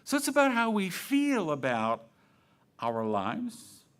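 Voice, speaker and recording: A male minister speaking in a casual, conversational way. His pitch swings up and down a lot as he moves between questions, playful asides and gentle points. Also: huge pitch swings, slow pace. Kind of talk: sermon.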